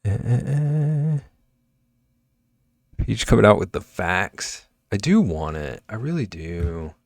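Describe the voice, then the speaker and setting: A man's voice: low-pitched, very animated, measured pace, no echo, studio quality. A man livestreaming, chatting casually and teasing his viewers as he reacts to chat from home.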